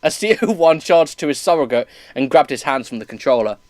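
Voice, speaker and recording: A man's voice: fairly high pitch, expressive, a little fast, a little mellow, no room sound. A man reading bad fan fiction aloud for laughs, often breaking into laughter and tripping over words. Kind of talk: comedic dramatic reading with commentary.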